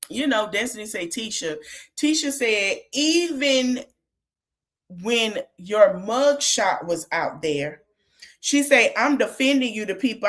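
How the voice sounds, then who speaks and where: A woman hosting a casual podcast, retelling a reality show argument and talking back to the people in it. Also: mid-range voice. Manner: animated, retells quotes, talks back to the people on screen. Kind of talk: casual recap chat.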